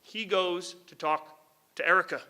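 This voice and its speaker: A middle-aged man from New Jersey, a lawyer telling a story to a lecture audience. His voice sits high for a man and has a sharp, very bright tone. He talks in an animated, candid way, swears casually and chuckles at his own lines. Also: a little slow, smooth. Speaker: lawyer and author giving a book talk.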